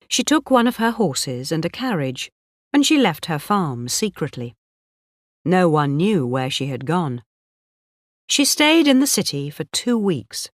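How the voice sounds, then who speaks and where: A woman narrating a graded reader story in a clear, careful way. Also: sits low, dry recording, studio quality.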